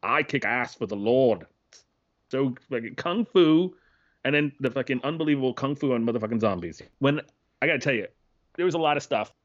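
An excitable man co-hosting a podcast, swearing freely and rambling through his thoughts. His voice sits at an average pitch. The sound is dull and lo-fi. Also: a little fast. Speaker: podcast co-host. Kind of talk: casual chat.

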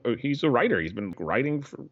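A man's voice: medium pitch, sing-song, fairly quick, husky. A man co-hosting a podcast, chatting casually about a film, rambling and breaking off his sentences, often laughing. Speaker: podcast co-host. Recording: dull lo-fi sound.

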